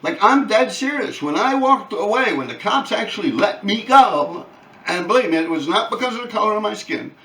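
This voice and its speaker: A man, telling profane, animated street stories on his own channel. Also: high voice, moderate pace, recorded from a distance. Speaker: channel host. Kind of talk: casual storytelling. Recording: echoey room, off-mic.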